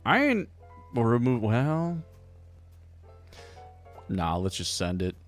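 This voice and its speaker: A man streaming a game live, chatting through his choices in an unhurried, goofy way. His pitch swings widely as he slips into silly voices. Faint music plays behind him. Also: big pitch swings. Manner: playful, silly voices, thinking aloud. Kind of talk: live gameplay commentary.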